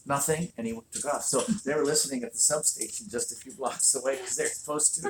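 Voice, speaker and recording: A woman's voice: rumbling low, slight background noise. Rambling woman hosting a home livestream. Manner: rambling, many fillers and restarts. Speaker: channel host. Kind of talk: casual livestream chat. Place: home room with a fireplace.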